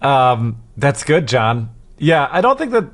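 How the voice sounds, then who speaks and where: A man co-hosting a casual comedic chat, wry and quick to laugh, reading out listener letters. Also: mid-range voice, very animated, a bit bright. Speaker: podcast co-host.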